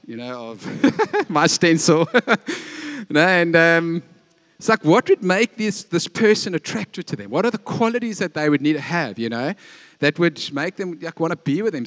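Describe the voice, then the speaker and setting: A middle-aged man pastor giving a conversational sermon, joking about family and often pausing with fillers and restarts. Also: on the high side, a bit bright.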